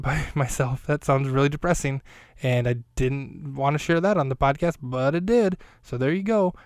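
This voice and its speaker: A man talking alone on his podcast, recapping an episode in a loose, wandering way and cracking jokes at his own expense. His voice is smooth and clean, sits at an ordinary middle pitch and is recorded close and dry, with no room sound. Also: dry recording. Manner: rambling, self-deprecating, jokey asides. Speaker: podcast host. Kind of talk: casual solo episode recap.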